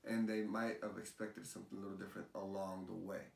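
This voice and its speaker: A realtor being interviewed, talking in an animated, rambling way and often repeating his phrases. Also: low voice, fast, vocal fry. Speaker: realtor guest. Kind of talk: casual chat. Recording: roomy, distant mic, faint hiss.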